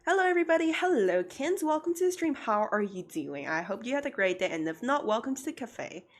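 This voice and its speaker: A woman's voice: a little high, sing-song, brisk. A young woman, chatting casually with viewers on her art livestream and laughing often. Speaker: art streamer.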